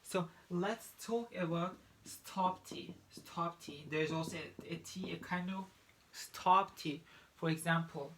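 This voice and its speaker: A man from Turkey with a Turkish accent, a native Turkish speaker teaching English pronunciation in a halting way, with many restarts. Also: a little high, steady tone, fairly bright tone, a little hiss or hum. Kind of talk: online lesson.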